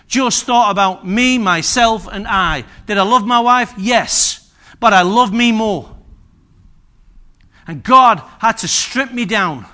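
An older man preaching a sermon in a church, telling stories and asking the congregation questions. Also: high-pitched. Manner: lively, storytelling, asks the congregation questions.

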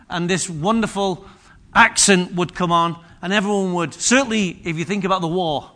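Emphatic preacher with a bright voice. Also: male voice, sits high, normal speed. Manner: repetitive, emphatic phrases with many restarts. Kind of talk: sermon.

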